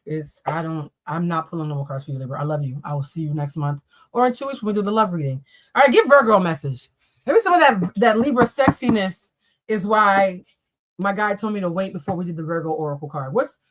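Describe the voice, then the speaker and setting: A young woman reading tarot on a live stream, chatting to viewers with casual, profane jokes and asides. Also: lowish voice. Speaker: tarot reader.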